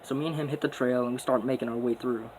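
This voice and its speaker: A young man spins a rambling, boastful story full of swearing and street slang. His voice sits at an ordinary middle pitch. He records casually at home, with a faint hiss in the background. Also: steady tone, fast, darkish tone, poor audio.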